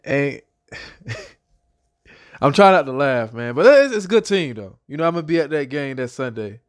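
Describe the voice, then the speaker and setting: A young man excitedly giving a casual football prediction as a fan, repeating himself and speaking loosely. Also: on the high side, fairly quick, smooth. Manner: excited, repetitive, talks like a fan. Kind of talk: casual sports prediction vlog.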